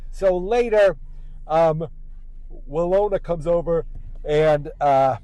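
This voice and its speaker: A man's voice: fairly high pitch, slow pace, dark tone, dry recording, poor audio. A man hosting a podcast, chatting casually while driving and recapping an episode in a rambling way. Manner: rambling, acts out quotes in raised voices. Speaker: podcast host. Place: car.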